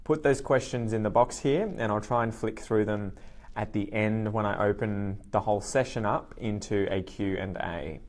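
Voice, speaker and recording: An Australian man giving a live online English lesson, speaking slowly and clearly and repeating words for learners. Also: lowish voice. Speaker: English teacher.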